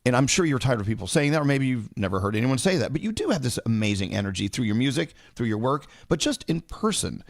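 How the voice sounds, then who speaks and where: A man hosts a morning radio show, firing off jokes and questions at a quick clip. His voice sits in a middle range and sounds close and dry in the studio. He keeps the banter upbeat. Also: mid-range voice, big pitch swings, no echo. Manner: upbeat, joking, fast. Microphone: studio microphone, dry.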